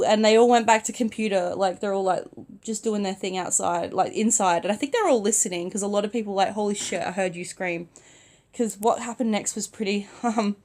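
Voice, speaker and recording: Chatty young woman, sick in bed. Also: mid-range voice. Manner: chatty, many "like" fillers, soft-spoken. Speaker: vlogger. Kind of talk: casual storytime vlog. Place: in bed at home.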